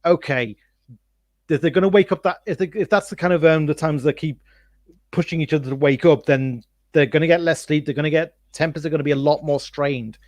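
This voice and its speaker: A man's voice: a little high, a little fast, a little mellow, no echo. A man discussing a book on a stream, thoughtful and hesitant, often restarting his sentences.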